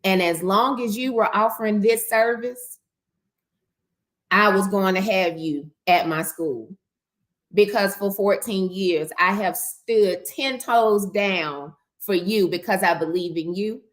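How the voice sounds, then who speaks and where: Slow, earnest woman guest. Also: mid-range voice, a bit bright. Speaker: educator and school founder, guest. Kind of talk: interview.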